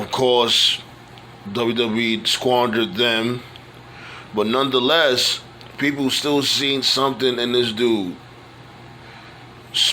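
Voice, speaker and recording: Bright-voiced man rambling casually. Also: medium pitch, slight background noise. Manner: rambling, loose speech with many fillers and restarts. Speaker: wrestling fan vlogger. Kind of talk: casual monologue tribute.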